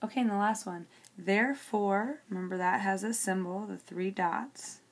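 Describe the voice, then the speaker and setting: A woman's voice: medium pitch, normal speed. A woman teacher working through a logic example on paper, explaining each step and checking in with "okay" as she goes.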